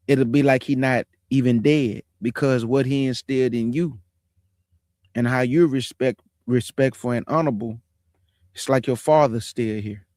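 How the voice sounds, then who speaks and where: A man in his forties, hosting his own show, telling a personal testimony in a casual, animated, folksy way. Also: mid-range voice, dry recording, studio quality. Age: 40s. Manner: animated, folksy, drawn-out emphasis. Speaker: show host.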